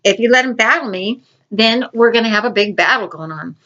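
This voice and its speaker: A woman voicing a boastful male giant warrior who yells mocking challenges, heard on a dull lo-fi recording. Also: on the high side, expressive, brisk. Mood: taunting.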